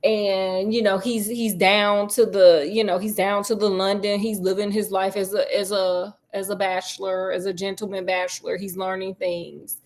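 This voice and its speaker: A woman's voice: medium pitch, little pitch movement, normal speed, few pauses. A woman host retelling a classic novel in casual chat, slangy and joking, with plenty of asides. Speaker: storyteller host.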